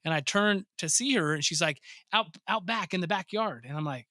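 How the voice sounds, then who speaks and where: In a clean studio with no echo, a man with a high, brisk voice, who owns a pond business, tells stories in a casual podcast interview. He's animated, swears freely, and acts out his own surprised reactions.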